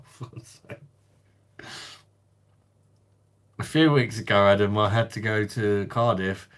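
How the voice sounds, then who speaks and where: Host: blunt man, casual live chat, lowish voice, laughs freely. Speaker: livestream host.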